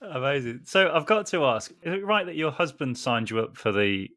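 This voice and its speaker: A man's voice: mid-range voice, lively intonation, moderate pace, bright, forceful tone. A man hosting an interview, laughing and asking friendly questions. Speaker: host. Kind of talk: casual interview.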